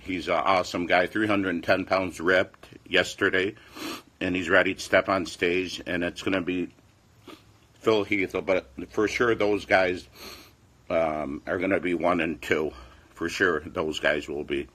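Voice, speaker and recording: A man's voice: sits low, steady tone, unhurried, sharp tone. A man in his forties, a fitness vlogger, chatting casually and rambling defensively, repeating himself. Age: 40s. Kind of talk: casual livestream chat.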